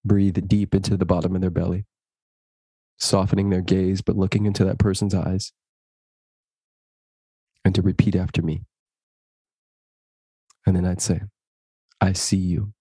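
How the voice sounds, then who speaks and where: This interview guest speaks in a low register with a breathy edge, and there's no echo on the recording. His storytelling is lively, with characters' lines acted out, while other moments turn slow, sincere and inspirational.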